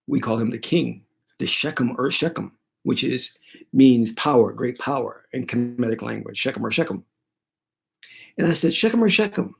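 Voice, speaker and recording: Brief: spiritual teacher, gravelly mid-range voice, dramatic storytelling. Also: male voice, mid-range voice, normal speed. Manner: animated, dramatic retelling. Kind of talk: storytelling monologue.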